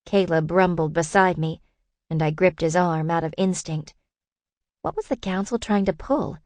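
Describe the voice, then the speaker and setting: A woman narrating a first-person audiobook in a lively, expressive reading. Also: fairly low pitch, normal speed, no echo.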